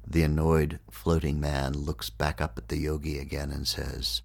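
Podcast guy telling a parable, measured and explaining stuff, super deep voice, dry sound. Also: little pitch movement, gravelly, breathy edge, no echo. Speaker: podcast host and storyteller. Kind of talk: storytelling narration with teaching.

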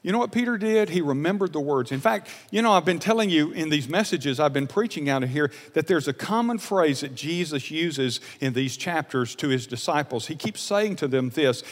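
Earnest pastor preaching in a reverberant hall. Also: male voice, on the high side, expressive, moderate pace. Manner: earnest, emotional, repeats phrases, dynamic swings from loud to soft. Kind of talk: sermon.

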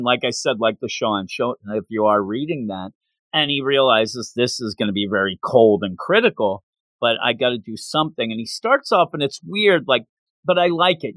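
A man hosting a podcast, retelling an anime episode in an animated, playful way in casual chat. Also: medium pitch, no echo. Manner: animated storytelling with playful bits. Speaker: podcast host.

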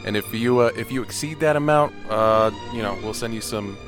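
A man co-hosting a podcast, pitching listener support with joking, crude banter. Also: brisk, music in the background. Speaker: podcast co-host. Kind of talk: casual podcast promo pitch.

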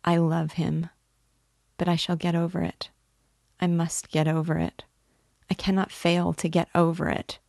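A woman reads an emotional young woman torn in love, who pleads and breaks off halfway through her sentences. The voice sits low and slow, with a gravelly edge. The sound is close and dry. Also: level tone, a little mellow, no echo. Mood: impassioned. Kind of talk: dramatic reading of a novel.

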